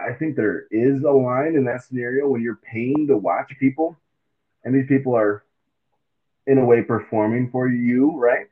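A man co-hosting a casual sports chat, animated and acting out quotes in silly voices. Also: mid-range voice. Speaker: podcast co-host. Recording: tinny phone-like mic.

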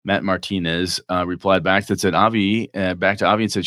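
A man's voice: sits low, fairly even intonation, fairly quick, few pauses, fairly bright tone, dry recording, clean studio sound. A man co-hosting a podcast, chatting casually and rambling about role-playing games as he thinks aloud. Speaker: podcast co-host.

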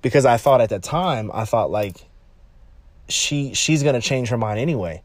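A man talking casually and bluntly about dating, animated and repetitive, jumping higher when he quotes people. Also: normal speed, no echo. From California, United States. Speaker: relationship advice talker. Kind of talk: casual monologue.

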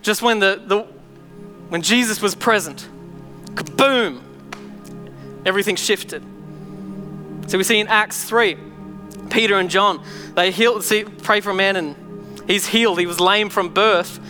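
Bright-voiced man preaching in a hall. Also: sits high, a little slow, long pauses, soft background music. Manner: animated storytelling, acting out voices. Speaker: pastor. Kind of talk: sermon.

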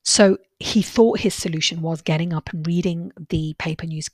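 Woman therapist, podcast host; husky, breathy tone; dry close sound; earnest, reassuring delivery with repeated emphasis. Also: lowish voice, moderate pace, no room sound. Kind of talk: podcast monologue with client anecdotes.

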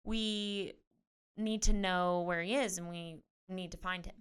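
A woman in her twenties, a pro tennis player being interviewed, chatting in a lively way with lots of "like". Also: fairly low pitch, a little slow, clean tone. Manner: chatty, animated retelling with frequent "like". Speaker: guest, professional tennis player. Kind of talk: casual interview storytelling.

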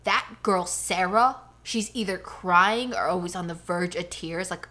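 A woman's voice: lowish voice, a little slow, pushed and bright. A woman co-hosting a casual podcast at home, ranting animatedly about her day and her dogs. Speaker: podcast co-host. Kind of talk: casual chat. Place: home living room.

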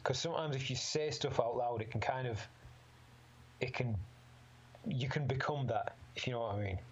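A man's voice: medium pitch, moderate pace, husky. Swearing man in casual chat. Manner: rambling, swears freely, laughs often. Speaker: amateur MMA fighter guest. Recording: slightly dull lo-fi sound.

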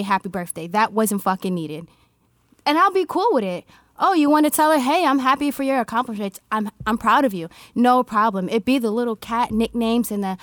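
A woman's voice: fairly high pitch, no room sound, clean studio sound. A woman co-hosting a casual chat, blunt and argumentative, swearing freely. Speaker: podcast co-host.

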